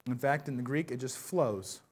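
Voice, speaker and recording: A man preaching a sermon as pastor, his voice going hoarse, impassioned and swinging between soft, low passages and loud ones. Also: normal speed.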